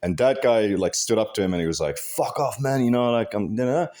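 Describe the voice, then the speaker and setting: Deep voiced guy ranting, swears constantly, fired up and stumbling over his words. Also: animated, quick pace, warm tone. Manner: profane and agitated, heavy cursing and restarts. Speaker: vlogger. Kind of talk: casual rant.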